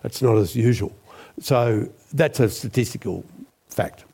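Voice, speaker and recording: A man, a former journalist, recounting a story as a guest in a measured, deliberate way. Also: medium pitch, gravelly, warm tone, slightly rough. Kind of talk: storytelling interview.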